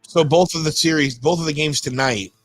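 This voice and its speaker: A man's voice: fairly high pitch, fairly quick, soft background music. A man hosting a live hockey watch stream, chatting casually and rattling off player names. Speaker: stream host. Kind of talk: casual live game commentary.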